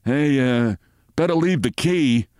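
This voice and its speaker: A man's voice: mid-range voice, takes it slowly, darkish tone, clear, resonant tone, dry recording, studio quality, pitched above the performer's own voice, close to an everyday voice. A man reading as a brash, cocky male parking attendant with brusque street talk.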